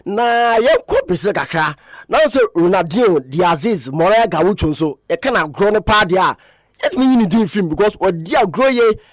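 A man presenting a radio sports news bulletin, talking fast and sometimes slipping into a sing-song lilt. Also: sits high, expressive, dry recording, studio quality.

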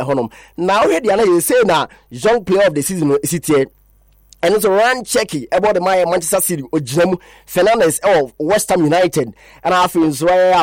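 On a sports talk radio show, a Ghanaian-accented man speaks in a fairly high pitch, captured at studio quality without room sound. He switches languages as he rattles off rambling lists of players.

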